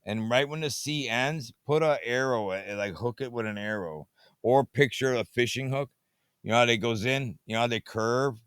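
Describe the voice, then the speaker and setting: A man's voice: medium pitch, moderate pace, fairly bright tone, smooth, no room sound. A man hosting a late-night movie review show, talking in a meandering way, repeating catchphrases and getting sidetracked. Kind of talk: rambling casual monologue. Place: home at night, fiddling with a tablet.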